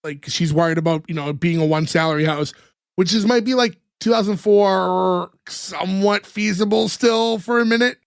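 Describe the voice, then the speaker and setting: A man's voice: high voice, moderate pace, vocal fry, clean tone, no room sound, studio quality. A man who co-hosts a podcast, casually recapping a sitcom episode and laughing often as he acts out lines.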